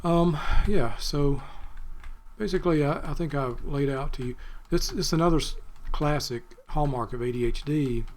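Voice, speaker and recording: A man's voice: a little high, moderate pace, a little mellow, slight background noise. A man giving rambling, chatty commentary while playing a video game, thinking aloud and drifting off topic. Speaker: gaming video creator. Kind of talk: rambling let's-play commentary.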